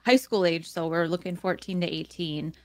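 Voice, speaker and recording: A woman's voice: fairly low pitch, steady tone, normal speed, dry recording. A woman from Minnesota, a program manager guest on a radio show, talking casually and laughing often. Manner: friendly, laughs often, informal fillers.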